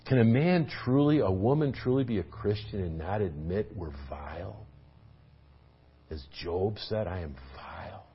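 Man, pastor, sermon, husky voice, dull lo-fi recording. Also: fairly low pitch, a little slow. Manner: earnest preaching with emphatic repetition.

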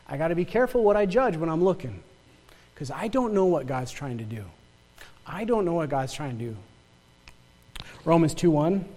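Male pastor, Yooper accent, high voice, emphatic sermon delivery, reverberant church hall. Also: darkish tone. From northern Michigan. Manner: emphatic preaching with rhetorical questions and repeated words.

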